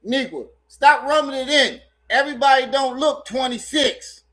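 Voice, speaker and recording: A man's voice: very high-pitched, moderate pace, a bit bright. A man with ranting in a teasing, mock-jealous, repetitive way. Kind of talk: comic rant clip.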